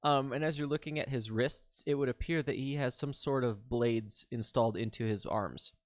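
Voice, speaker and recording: A man narrating as game master of a tabletop role-playing session, casual and halting. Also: medium pitch, no echo, studio quality.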